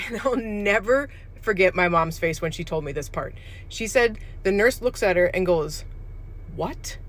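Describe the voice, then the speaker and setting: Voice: mid-range voice, animated, moderate pace, a bit bright. A speaker recounting a parent's eerie hospital story casually, rambling with fillers and acting out quoted dialogue. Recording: clear music bed under the voice. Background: music.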